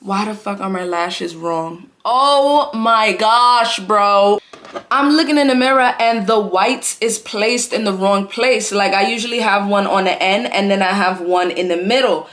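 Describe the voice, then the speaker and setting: A woman's voice: mid-range voice, moderate pace, fairly bright tone. Chatty young woman telling a storytime. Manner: slangy, chatty, full of "like" and "bro". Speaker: vlogger. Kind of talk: casual storytime vlog.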